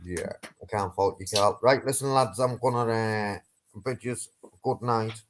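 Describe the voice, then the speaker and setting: A man, swearing constantly and bantering loudly as a guest on a casual live stream. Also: lowish voice, measured pace, slight background noise, poor audio. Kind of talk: casual chat.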